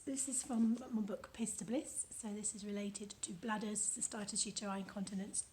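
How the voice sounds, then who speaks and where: A woman's voice: mid-range voice, fairly even intonation, normal speed, hardly any pauses, a little mellow. A British woman with a chatty, playful manner, casually reading from her own book and adding commentary. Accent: British English. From United Kingdom.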